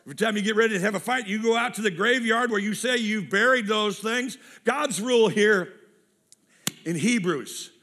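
Man, pastor, sermon, high voice, bright and forceful tone, animated, jokey, repeats lines. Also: normal speed. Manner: lively, acts out quotes in different voices; humorous, repeats key phrases.

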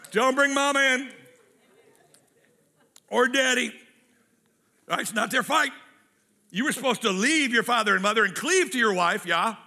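A man preaching a sermon as a pastor, lively and humorous, acting out quotes in different voices and repeating key phrases. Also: extremely high pitch.

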